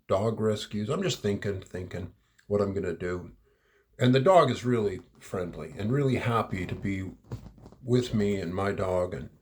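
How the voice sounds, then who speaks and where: A middle-aged storyteller tells a rambling personal anecdote aloud, chuckling and repeating words as he goes. His voice is lowish and a little mellow.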